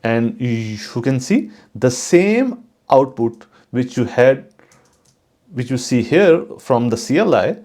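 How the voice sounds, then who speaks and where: A man hosting his own channel, giving a casual, unhurried tutorial on coding for network engineers, with frequent fillers and restarts. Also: medium pitch, very animated, darkish tone. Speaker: channel host teaching network automation.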